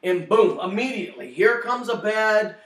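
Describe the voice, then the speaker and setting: A middle-aged man giving a spoken testimony, telling his story in an animated way and acting out the quotes loudly. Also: high-pitched, moderate pace. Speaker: testimony speaker. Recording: echoey room, distant mic.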